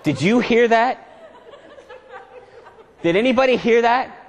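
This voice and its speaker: A management consultant gives a motivational seminar in a lecture hall with an audience, playfully and constantly quizzing them with questions. His voice is extremely high-pitched and his pace measured. A long hall reverb hangs on the recording.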